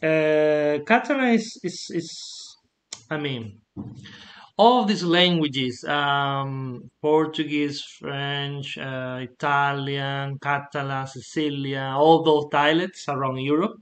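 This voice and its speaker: A man from Spain with a Spanish accent, a tutor patiently explaining pronunciation over a video call with slow examples. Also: a little high, steady tone. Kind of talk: online one-to-one language lesson.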